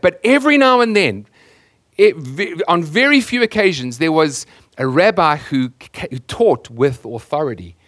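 A man's voice: fairly high pitch, fairly bright tone, no echo, studio quality. A man preaching a sermon as the pastor, earnest and emphatic, often repeating words as he searches for the next phrase.

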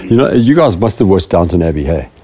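A man's voice: low voice, big pitch swings, quick pace, dark tone. A middle-aged man, a preaching elder, giving a rambling, self-deprecating talk to a small group of church leaders. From South Africa.

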